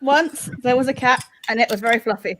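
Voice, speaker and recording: A woman taking part as a contestant in an improv comedy game show, excitable and giggly. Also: on the high side, fairly quick, slight background noise, rough recording.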